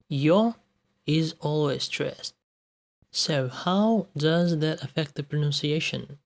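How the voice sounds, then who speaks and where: Slow, measured male teacher. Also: fairly high pitch, creaky. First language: Russian. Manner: measured, says each example word on its own. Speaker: language teacher. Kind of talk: scripted explanatory lesson with example words.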